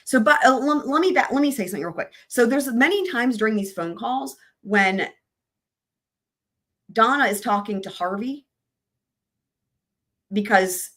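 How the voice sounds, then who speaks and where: A woman's voice: medium pitch, fairly bright tone. A woman hosting a true crime live stream, chatting loosely with her viewers in a rambling, casual way.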